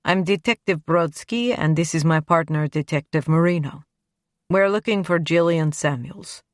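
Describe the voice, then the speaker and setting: A woman's voice: low-pitched, normal speed, dry recording, clean studio sound, natural voice. A woman voicing a blunt, brawny male detective with a Russian accent in an audiobook. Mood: official. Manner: blunt, curt.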